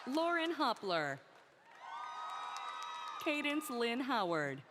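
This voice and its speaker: Brief: female name reader at a graduation, slow, lilting delivery, loud crowd and noise behind. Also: a little high, very animated. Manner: slow, careful name reading. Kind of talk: reading graduates' names at a ceremony. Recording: crowd and noise of a large ceremony.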